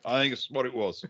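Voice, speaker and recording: A man playing a tabletop game in a put-on Cockney accent, halting and dry, with short replies. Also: medium pitch, sharp tone, muffled recording.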